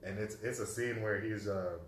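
A man's voice: on the low side, fairly even intonation, normal speed. A young man co-hosting a podcast, teasing and telling stories in loose slang. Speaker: podcast co-host. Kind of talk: casual chat. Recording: echoey room, off-mic, faint noise.

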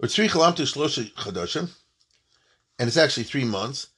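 A man teaching Jewish law in a lively lesson, reading from a text and explaining it with jokes and rhetorical questions. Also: brisk. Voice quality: husky. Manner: joking, rhetorical questions, big swings in pitch and loudness.

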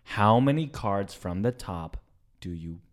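A man co-hosting a comedy podcast, talking in animated, profane rants and joking around. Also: on the low side, measured pace. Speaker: podcast co-host. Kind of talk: casual comedy chat.

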